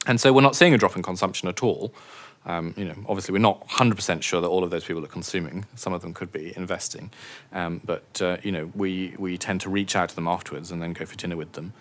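A man's voice: low-pitched, fairly even intonation, quick pace, a bit bright. A man, a wine auctioneer, chatting as an interview guest, joking and laughing often at himself. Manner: jokey, self-mocking, laughs often. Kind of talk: casual interview chat.

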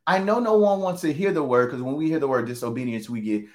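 Guy preaching a sermon, casual and talky, keeps repeating lines to drive it home, middle pitch. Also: animated, fast talker, darkish tone. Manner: conversational, emphatic, repeats phrases for emphasis.

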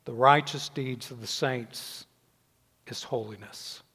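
An older man preaching a sermon, measured, letting his voice fall softly at the ends of phrases. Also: mid-range voice, husky. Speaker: pastor. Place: church sanctuary. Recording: long reverb in a church hall.

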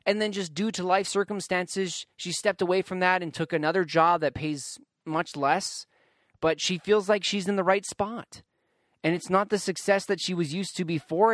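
A man's voice: high-pitched, fairly bright tone, no room sound, studio quality. A man hosting his own podcast, talking casually and earnestly, drawing out words for emphasis. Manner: earnest, reflective, drawn-out emphasis. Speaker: podcast host. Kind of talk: casual solo podcast talk.

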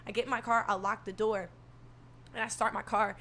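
A soft-spoken young woman telling a story in casual talk, animated and profane, acting out what people said. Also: a little high, a little fast, slight background noise. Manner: animated, swearing, acts out quotes.

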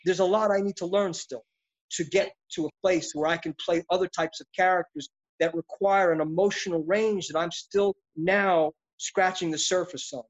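A man's voice: high voice, fairly even intonation, moderate pace. A middle-aged man, an actor being interviewed, talking in an intense, passionate, reflective and rambling way. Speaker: actor guest. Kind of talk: interview conversation. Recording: dull lo-fi audio.

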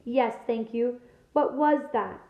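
A woman's voice: fairly high pitch, slow pace, reverberant, dull audio. A woman voicing a startled, curious young boy who asks earnest questions.

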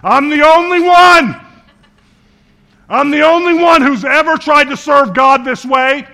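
A male preacher acting out a despairing, self-pitying prophet, loud and strained. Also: very high-pitched, a little slow, pitched above the performer's own voice, heavily acted.

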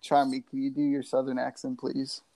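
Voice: mid-range voice, monotone, normal speed, warm tone. A podcast host in casual chat, laid-back and dropping in short remarks.

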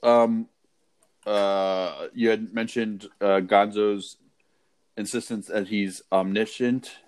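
A man's voice: on the low side, fairly even intonation, takes it slowly, darkish tone, poor audio. Hesitant, thoughtful man talking a film over. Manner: hesitant, many restarts and "like"s, thoughtful. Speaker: podcast co-host. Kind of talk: casual movie-discussion chat.

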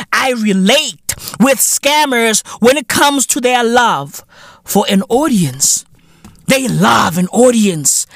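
Loud, incredulous South African man ranting. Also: very high-pitched, no room sound, clean studio sound. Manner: loud, incredulous, repeats himself, swears constantly. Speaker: podcast host. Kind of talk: profane comedic rant.

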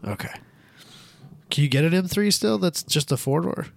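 A man co-hosting a casual car podcast, excitable and quick to swear and laugh. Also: a little high, vocal fry, dry recording. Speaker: podcast co-host. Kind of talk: casual chat.

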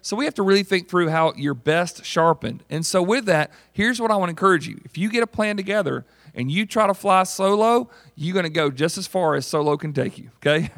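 A man preaching a sermon in a conversational, animated way, often putting questions to the congregation. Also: high voice, a little fast, hardly any pauses, dry recording, studio quality. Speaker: pastor.

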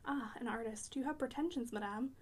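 A woman's voice: fairly high pitch, a little fast, a little mellow, breathy edge. A woman voicing an eccentric elderly French pianist who talks bluntly and teasingly, dropping French words.

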